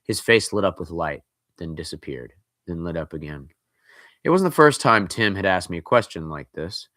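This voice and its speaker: A man's voice: low voice, lively intonation, moderate pace, pushed and bright, no room sound, clean studio sound. A man reading a scary story aloud, breaking in with casual, joking asides.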